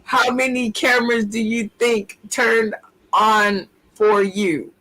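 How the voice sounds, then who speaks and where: A man's voice: high voice, little pitch movement, slow pace, bright, forceful tone, poor audio. A man hosting an online comedy show over video call, laughing and calling out to the audience like an emcee. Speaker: host.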